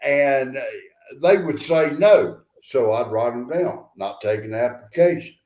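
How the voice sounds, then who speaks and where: A man's voice: medium pitch, a little mellow, reverberant. A man with a Southern accent who hosts a casual chat and talks bluntly, often laughing. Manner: slow drawl, laughing, blunt.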